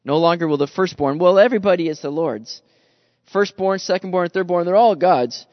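High-voiced animated male preacher. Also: a little fast, no echo, big-room sound, highs cut off. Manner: animated, acts out quoted grumbling voices; conversational, addresses listeners as guys. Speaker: pastor. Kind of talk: expository sermon.

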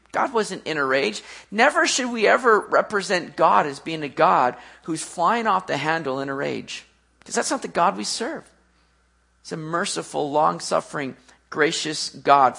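A preacher giving an animated sermon, who rises for emphasis and then drops to a quiet, low close. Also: gravelly, husky.

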